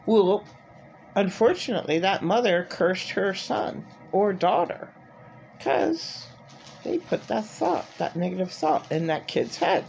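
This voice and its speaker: A woman's voice: medium pitch, sing-song, unhurried, gravelly, a little mellow, slight background noise. A middle-aged woman talking in an agitated, rambling personal monologue full of filler words. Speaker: vlogger.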